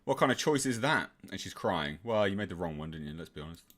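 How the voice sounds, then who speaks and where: A man's voice: low-pitched, expressive, fast talker, fairly bright tone. Sarcastic, swearing man. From England. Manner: sarcastic, profane. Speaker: host. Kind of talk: reading a comic aloud with commentary.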